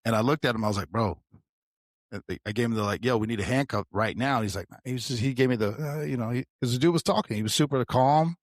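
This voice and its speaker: A man's voice: medium pitch, fast talker, no echo, studio quality. A man co-hosting a podcast, casually telling a work story with a lot of "bro" and swearing. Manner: animated, swearing, calls the listener bro. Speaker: podcast co-host, sheriff's deputy.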